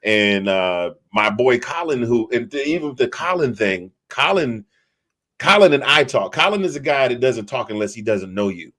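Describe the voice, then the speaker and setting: A man's voice: mid-range voice, expressive, moderate pace, bright, forceful tone. A man co-hosting a podcast in casual chat, telling a rambling story with many restarts. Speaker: podcast co-host.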